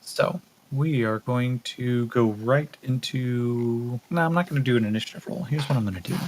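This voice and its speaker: A man narrating a solo tabletop role-playing game as game master, thinking aloud with relaxed fillers. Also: medium pitch, normal speed, low-quality recording.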